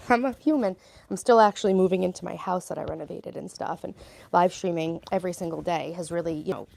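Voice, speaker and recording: With a gravelly yet mellow mid-range voice, this middle-aged woman is a vlogger mom livestreaming in a cluttered room at home. She keeps things casual, answering viewers' comments as she goes.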